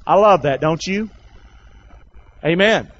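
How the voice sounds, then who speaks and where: A man preaching a lively sermon in a large church, coaxing the congregation to answer and join in. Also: high voice, slow pace, highs cut off. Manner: animated, coaxing calls to the congregation. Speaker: pastor.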